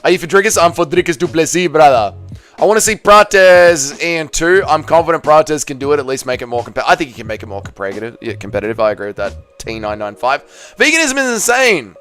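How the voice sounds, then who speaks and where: A man's voice: mid-range voice, fairly even intonation, fast talker, hardly any pauses, a bit bright, soft background music. A young man hosting a live watch-party stream, reading and answering chat in a casual, profane, joking way.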